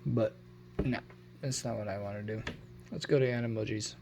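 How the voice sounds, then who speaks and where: A man's voice: fairly low pitch, fairly even intonation, moderate pace, vocal fry, over music. Rambling casual tech vlogger, man. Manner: rambling, self-correcting, unsure of his numbers. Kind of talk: casual phone review.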